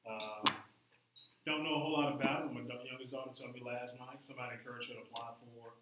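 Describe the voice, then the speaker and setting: A woman's voice: a bass voice, steady tone, fast talker. A woman in a group chat, giving brief, matter-of-fact updates about her family. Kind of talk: casual group check-in chat. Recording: very echoey room, far from the mic, loud background noise.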